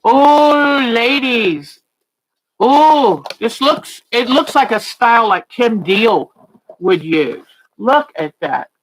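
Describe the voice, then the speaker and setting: Woman host, unhurried, gushy and chatty, lots of delighted "oh"s while unboxing on stream. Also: fairly high pitch, animated, rough recording. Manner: gushing, exclaims "oh" often, chatty. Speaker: quilting livestream host. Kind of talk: casual livestream unboxing chat.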